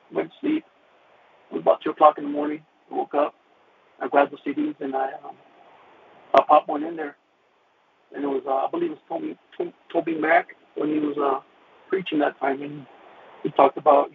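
Gravelly guy telling his testimony, stops and restarts a lot, voice jumps high and low, sounds like a phone line with a little hiss. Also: sing-song. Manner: halting, with many restarts and repeated words. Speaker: caller sharing a personal testimony. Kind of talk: emotional personal testimony.

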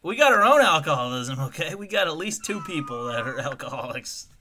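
Brief: podcast host, man, slightly high and very animated, crude joker who laughs a lot. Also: fairly quick. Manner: crude, profane joking and frequent laughter. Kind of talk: casual comedic chat.

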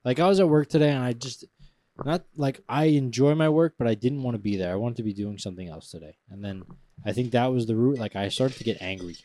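A man's voice: medium pitch, fast talker, warm tone, dry recording. A man co-hosting a podcast in casual chat, rambling and often stopping mid-thought. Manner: loose, rambling and self-interrupting. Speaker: podcast co-host.

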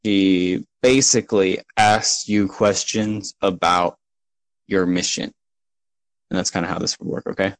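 A man narrating as game master of a tabletop game, relaxed and full of fillers. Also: deep voice, measured pace, dry recording, rough recording.

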